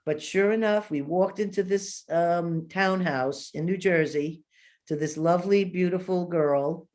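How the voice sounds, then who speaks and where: A woman in her fifties, a guest in an interview, telling a long personal story in an animated way and acting out the voices she quotes. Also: lowish voice, moderate pace.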